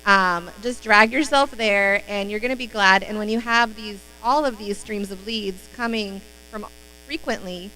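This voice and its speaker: A woman's voice: medium pitch, measured pace, pushed and bright, slight background noise, poor audio. A woman giving a casual, upbeat sales training talk on a live stream, chatty with many fillers.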